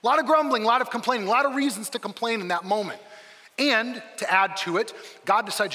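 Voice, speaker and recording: A man preaching a sermon as a campus pastor, telling the story in a lively way and acting out the quoted lines. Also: high-pitched, fast, long reverb tail.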